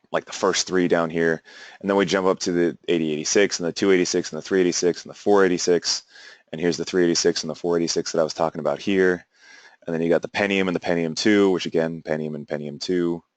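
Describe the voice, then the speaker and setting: Giving a classroom lecture in a very low voice, a young teacher wanders from point to point, full of "uh"s and false starts. The sound is dry and close, with little room around it.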